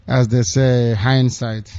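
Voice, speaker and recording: A Nigerian-accented radio broadcaster with a mellow, medium-pitched voice scolds his audience through fiery, sarcastic political commentary. It's captured in a dull, dry, lo-fi radio recording.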